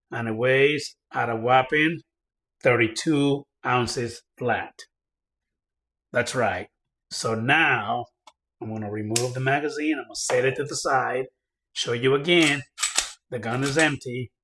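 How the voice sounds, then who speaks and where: Male reviewer, casual demo, talks to his viewers, gets excitable, mid-range voice, faint background noise. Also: medium pitch. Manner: chatty, addresses viewers directly, excitable when reading results. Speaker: firearms reviewer. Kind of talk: casual hands-on product demo.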